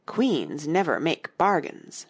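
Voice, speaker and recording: A woman's voice: fairly low pitch, very animated, normal speed, breathy edge, exaggerated voice. A woman voicing a domineering queen who lectures and quizzes, speaking emphatically. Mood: bossy. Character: bossy domineering storybook queen, loud and stern.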